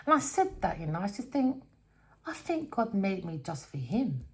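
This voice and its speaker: A woman's voice: mid-range voice, sing-song, moderate pace. A woman giving a casual tarot reading, blunt and rambling, swearing constantly as she tells stories. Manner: storytelling, rambling. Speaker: tarot reader.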